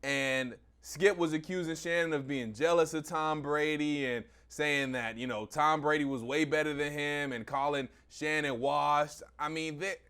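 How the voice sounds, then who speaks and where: A man's voice: on the high side, fairly bright tone. A man, a sports radio personality, debating sports media in a confident, emphatic, point-by-point way.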